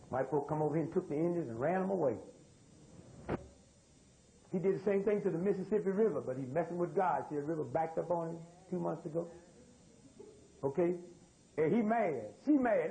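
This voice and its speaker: A man's voice: on the high side, lively intonation, moderate pace, creaky, long pauses, warm tone, a little hiss or hum, poor audio. An American man giving a live lecture in a room with an audience. He tells stories in loose, drawling speech and keeps asking the crowd questions. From United States. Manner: drawling, loose spoken grammar. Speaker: speaker addressing an audience. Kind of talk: live lecture with call-and-response.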